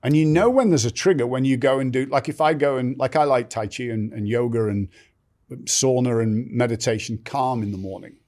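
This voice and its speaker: A man's voice: mid-range voice, brisk, a little mellow. A middle-aged man, a podcast guest, telling stories in conversation and acting out other people's lines. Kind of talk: storytelling in conversation.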